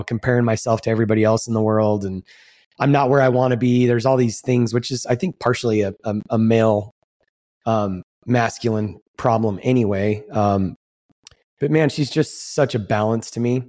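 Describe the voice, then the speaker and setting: A man's voice: lowish voice, steady tone, normal speed, darkish tone. A man co-hosting a podcast, talking in a loose, rambling way with casual swearing. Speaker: podcast co-host.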